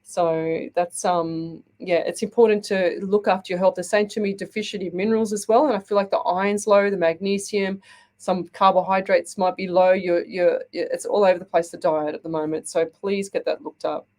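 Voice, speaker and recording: A woman's voice: lowish voice, fairly even intonation, normal speed, darkish tone. Chatty Australian woman psychic host. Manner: chatty, reassuring, repeats "okay?" to listeners. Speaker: psychic medium radio host. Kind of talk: live call-in psychic reading.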